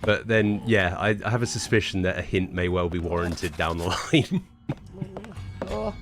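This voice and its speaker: A man commentating on a game he is streaming, wry and amused, his low voice rising and falling a lot. He speaks casually and breaks into quick asides, with faint game music behind him. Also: lively intonation. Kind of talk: casual let's play commentary.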